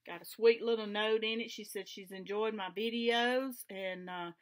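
A woman's voice: mid-range voice, fairly even intonation, normal speed. A woman with a Southern US accent chatting casually to camera from her home craft room, homey and enthusiastic. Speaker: flosstube vlogger.

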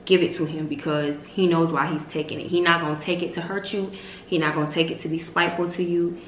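A woman in her twenties giving emphatic, repetitive motivational faith talk as a vlog host, with sudden loud high exclamations. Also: fairly even intonation, quick pace. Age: 20s. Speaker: vlogger host. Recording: roomy echo with faint hiss.

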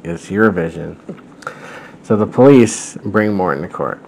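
A man's voice: low-pitched, animated, unhurried, creaky, a little mellow, a little hiss or hum, rough recording. A man hosting a show, reading a story aloud with wry, amused commentary. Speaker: host.

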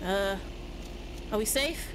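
A woman hosting a gaming channel, excitable and laughing often as she comments on her gameplay. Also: mid-range voice, slow pace. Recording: commentary over noisy game audio.

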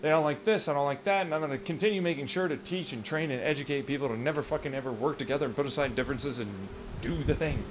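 A man in a rambling, profane vlog rant that swings between low muttering and loud outbursts. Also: fast, few pauses, noisy background. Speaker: vlogger. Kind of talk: ranting monologue.

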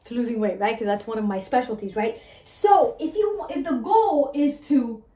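A woman coaching her listeners on mindset, talking in an animated way and asking "right?" again and again. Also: a little high, moderate pace, roomy sound. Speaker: mindset and weight-loss coach. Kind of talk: motivational talk to listeners.

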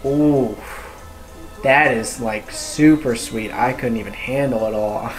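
A man's voice: medium pitch, slow pace. Gushing man reviewing restaurants, music under. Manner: enthusiastic, gushing, playful asides. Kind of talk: casual food review vlog.

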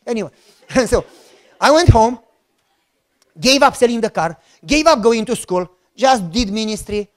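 A middle-aged man with a Romanian accent, a pastor telling a story in a sermon, animated and joking as he acts out the dialogue. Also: very high-pitched, normal speed, pauses often.

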